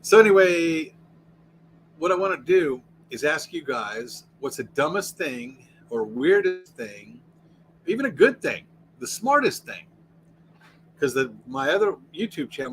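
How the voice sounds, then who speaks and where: A man's voice: a little high, lively intonation, normal speed, fairly bright tone, slight background noise, poor audio. An American man hosting a casual livestream from inside his RV, rambling and answering the chat as he goes. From United States. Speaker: livestream host.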